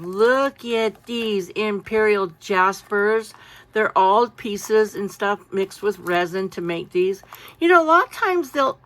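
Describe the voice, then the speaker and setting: A woman chatting casually through a craft-supply haul, animated and full of asides. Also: mid-range voice. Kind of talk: casual show-and-tell haul.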